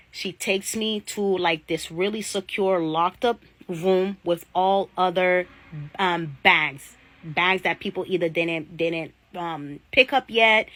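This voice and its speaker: A woman's voice: fairly low pitch, fairly bright tone, no echo, low-quality recording. A woman vlogger chatting casually, retelling an ordinary experience and often addressing her viewers directly. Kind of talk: casual storytelling vlog.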